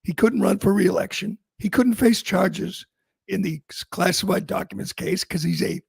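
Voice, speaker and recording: A man's voice: high-pitched, moderate pace, creaky, husky, dry recording. A man hosting a talk radio show, delivering an opinionated monologue in a sarcastic, emphatic, mocking manner.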